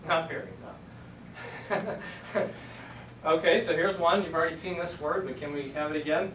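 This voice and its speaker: A man's voice: a little high, normal speed, background noise. Patient man teaching in an echoey classroom. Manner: patient, encouraging, explains step by step. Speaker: Greek teacher. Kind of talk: classroom lecture. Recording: echoey classroom from a distant camera.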